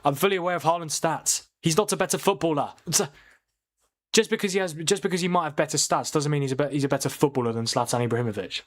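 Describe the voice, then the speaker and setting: A man's voice: fairly high pitch, fast. A man hosting a live watchalong stream, chatting casually, debating and answering viewers' comments. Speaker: livestream watchalong host. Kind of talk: casual live football chat.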